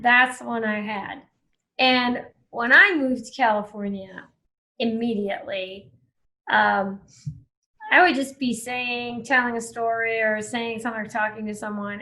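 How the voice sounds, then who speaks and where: A woman's voice: fairly high pitch, pushed and bright, rough recording. A woman from Maine with a faint Maine accent, a chatty storyteller telling her story as a podcast guest, often laughing. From Maine, USA. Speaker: interview guest. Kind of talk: casual conversation.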